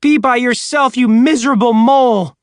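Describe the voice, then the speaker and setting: A man's voice: extremely high pitch, normal speed, dry recording, studio quality, voice pushed up. A man voicing a mean, miserable woman who sneers and hollers. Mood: sneering.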